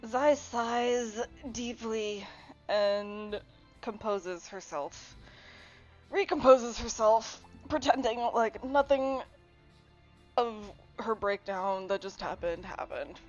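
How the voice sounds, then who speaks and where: A woman player in a tabletop game, narrating her character's actions slowly and deliberately. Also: mid-range voice, fairly even intonation, darkish tone, faint music behind. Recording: dull lo-fi mic.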